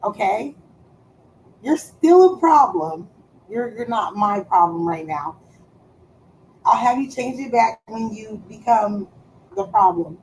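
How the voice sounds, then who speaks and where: A woman's voice: mid-range voice, expressive, slow, long pauses, darkish tone, slight background noise, poor audio. A woman streaming live, chatting casually in a profane, teasing way and drawing out words for emphasis.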